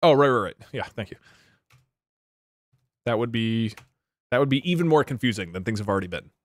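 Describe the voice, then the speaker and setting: A man's voice: mid-range voice, animated, fairly quick, no room sound. A man live-streaming, chatting casually with his viewers in a sarcastic, exasperated way. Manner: sarcastic, exasperated banter with chat.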